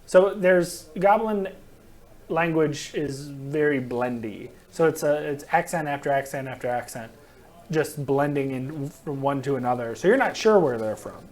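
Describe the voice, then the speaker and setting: A man's voice: on the high side, lively intonation, measured pace, darkish tone. A man narrating as game master in a game store, rambling and laughing between descriptions.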